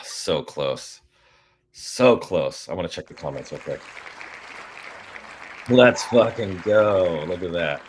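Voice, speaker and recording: A man casually hosting a live-stream prize giveaway, goofy and chatty, reading out codes and talking to viewers. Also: low-pitched.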